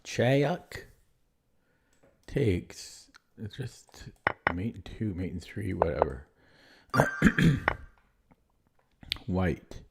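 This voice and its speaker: A man streaming chess, thinking aloud in a low-key, muttering way as he works through puzzles and questions his own moves. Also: animated, drawn-out words, creaky, long pauses, very noisy. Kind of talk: casual thinking aloud while solving puzzles.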